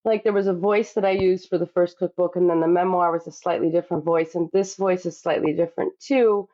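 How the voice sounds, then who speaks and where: A woman's voice: on the low side, fairly even intonation, brisk, dark tone. Woman author chatting on a podcast, lots of you knows, kinda dull lo-fi audio. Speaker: guest cookbook author. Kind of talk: podcast interview.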